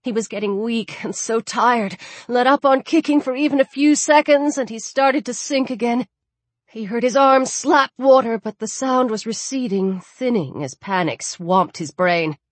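A woman's voice: a little high, measured pace, dry recording. A woman narrating a story in a tense, dramatic reading. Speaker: audiobook narrator. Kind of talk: scripted narration.

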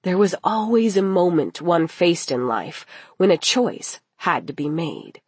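Female audiobook narrator, low-ish voice, measured dramatic delivery, husky tone. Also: expressive, a little mellow, no room sound. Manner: slow, measured, dramatic reading.

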